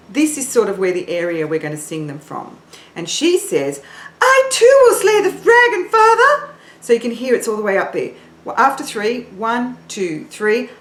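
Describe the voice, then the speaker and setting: A woman singing teacher leading an online warm-up, encouraging and counting in her learners. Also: mid-range voice, echoey room, slight background noise.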